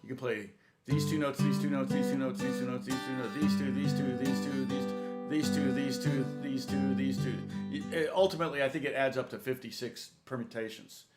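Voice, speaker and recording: A man's voice: mid-range voice, steady tone, brisk. A man teaching guitar in a chatty, rambling way, laughing often and speaking to viewers by name, with guitar playing behind him. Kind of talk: live-streamed guitar lesson chat.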